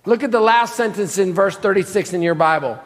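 A man's voice: high-pitched, brisk, in a large hall. A pastor preaching a sermon, emphatic, reading scripture and putting pointed questions to his congregation. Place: church sanctuary.

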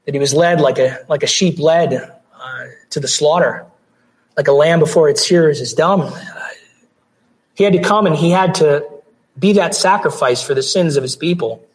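A pastor delivering a sermon, hoarse with his voice going out, earnest, with restarts and throat clearing. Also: fairly high pitch, moderate pace, low-quality recording.

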